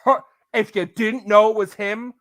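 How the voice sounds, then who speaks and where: A man's voice: sits high, steady tone, measured pace, a bit bright, no echo, studio quality. A man hosting a podcast, ranting in casual, opinionated chat and breaking into impressions.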